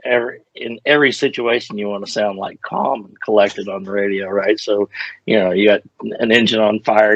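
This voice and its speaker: A man's voice: fairly low pitch, steady tone, normal speed, no room sound. An older man, a retired fighter pilot, telling stories in a casual interview and wandering off on tangents with self-deprecating humor. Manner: rambling, self-deprecating, digressive. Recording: muffled lo-fi audio.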